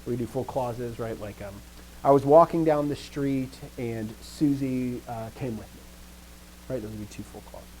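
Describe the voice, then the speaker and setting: A language teacher gives a live grammar lesson, walking through it step by step and replying to students with quick affirmations and dry jokes. His mid-range voice is warm, though the audio is poor with slight background noise.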